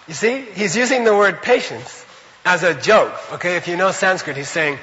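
A man giving an animated, conversational Buddhist teaching to a class, often checking in with his listeners. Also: high-pitched, moderate pace, long reverb tail, dull audio, slight background noise. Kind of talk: dharma lecture to a class.

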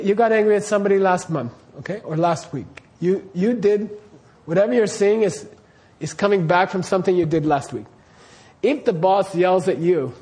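Man, high-pitched voice, Buddhist teacher, quizzing questions, keeps checking understanding. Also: warm tone. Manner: quizzes the class, keeps checking "you see what I mean?". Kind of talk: dharma class teaching.

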